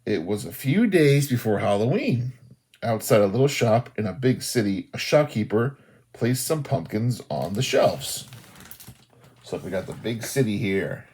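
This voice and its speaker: A man, a children's librarian, doing an animated storytime read-aloud and talking to young children. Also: on the low side, a little slow, breathy edge. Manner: animated, sing-song, talks to young children.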